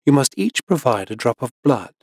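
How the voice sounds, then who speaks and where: Man voicing a calm, cryptic woman herbalist. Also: mid-range voice, vocal fry, breathy edge, no echo, clean studio sound, full character voice. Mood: cool. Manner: calm, even, unhurried. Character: composed older woman herbalist, cryptic, even-toned.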